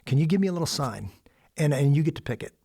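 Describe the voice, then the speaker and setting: A middle-aged American man and father, a guest in a candid podcast conversation, who tells family stories in an animated way and acts out the dialogue himself. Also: on the high side, fast talker, vocal fry, slightly rough. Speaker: guest, former special operations officer and father.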